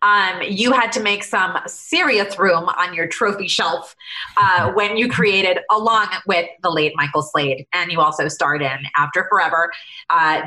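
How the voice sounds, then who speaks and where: A woman's voice: fairly low pitch, sharp tone, roomy sound, poor audio. A woman interviewer asking long, chatty questions with small fillers.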